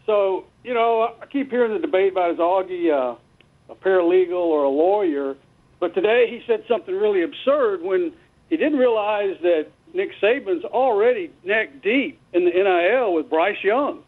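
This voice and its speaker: A man calling into a sports radio show, talking casually and a bit haltingly. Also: high voice, lively intonation. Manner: casual, hesitant with fillers. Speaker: caller. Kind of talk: phone-in call. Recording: tinny phone line.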